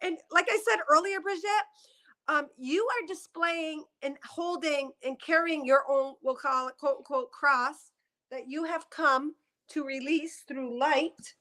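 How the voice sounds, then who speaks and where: A woman's voice: high voice, a little slow, sharp tone. A woman doing a psychic reading on a headset mic, emotional and tearful as she rambles through her impressions. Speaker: psychic reader. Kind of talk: spiritual reading session.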